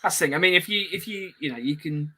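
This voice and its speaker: A man co-hosts a casual podcast. His voice sits a little higher than most men's. He speaks in a measured way and pauses to think. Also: bright, forceful tone, slightly rough. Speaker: podcast co-host. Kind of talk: casual chat.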